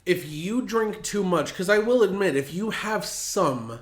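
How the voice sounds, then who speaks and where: A man hosting a casual podcast who tells stories in an animated way, with plenty of profanity. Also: high voice, a little slow, echoey room. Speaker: podcast host.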